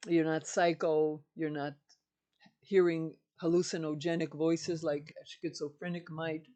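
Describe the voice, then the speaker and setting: A woman's voice: sits low, little pitch movement, unhurried, warm tone. An older woman, a spiritual teacher, giving an emphatic, repetitive teaching monologue.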